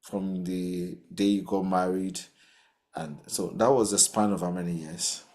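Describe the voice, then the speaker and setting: Deep-voiced slow-talking male host. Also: steady tone, darkish tone. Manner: brief affirmations, measured questions. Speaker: podcast host. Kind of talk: interviewing a guest.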